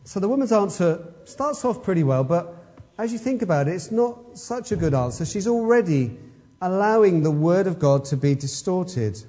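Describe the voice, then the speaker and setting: A man's voice: high-pitched, expressive, moderate pace, dark tone. A man preaching an expository sermon, emphatic and fond of rhetorical questions.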